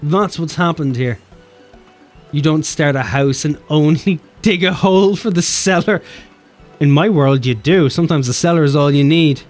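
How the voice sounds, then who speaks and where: A man's voice: on the high side, normal speed, darkish tone, soft background music. An Irish man streaming a game, joking, swearing and reading the game's lines aloud. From Ireland. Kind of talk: casual game stream chat.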